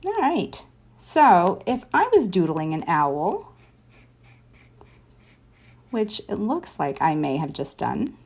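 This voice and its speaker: A woman's voice: lowish voice, sing-song, slow, pauses often, darkish tone. A woman leading a casual drawing tutorial, chatting and encouraging as she sketches and thinks aloud. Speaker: drawing teacher.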